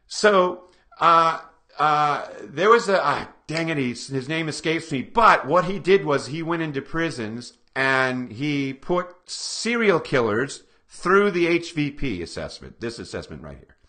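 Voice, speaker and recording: Lively high-voiced man lecturing a class. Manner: energetic, asks the audience rhetorical questions. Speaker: seminar presenter. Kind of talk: live lecture to a small audience.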